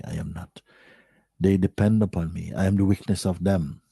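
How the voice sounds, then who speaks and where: A middle-aged spiritual teacher speaks slowly to listeners, repeating himself, posing questions, and often dropping to a soft near-whisper. His low voice is gravelly and husky with fairly even intonation, recorded with no echo.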